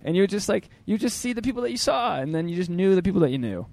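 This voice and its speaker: Animated young man hosting a chat. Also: high voice, fast talker, vocal fry. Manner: animated storyteller, puts on mock voices. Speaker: podcast host. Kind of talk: casual chat.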